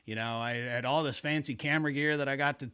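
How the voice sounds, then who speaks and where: A man hosts a casual podcast chat. His voice is bright and forward, and he rambles through stories with plenty of restarts. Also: mid-range voice, fairly even intonation, fast, smooth. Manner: rambling storytelling with many restarts. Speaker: podcast host. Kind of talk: casual conversational interview.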